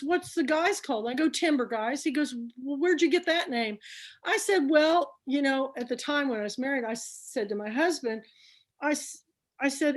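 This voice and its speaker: A middle-aged woman tells stories with a high, bright voice. She is chatty and animated, slipping into the voices of the people in her tales. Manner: chatty, animated storyteller who acts out dialogue. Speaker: book club founder speaking to a group. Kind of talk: storytelling talk.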